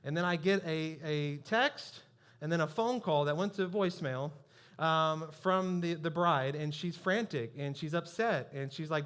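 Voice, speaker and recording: A man's voice: fairly high pitch, normal speed, a bit bright. A man preaching a sermon as pastor, telling a personal story in a conversational, self-deprecating way.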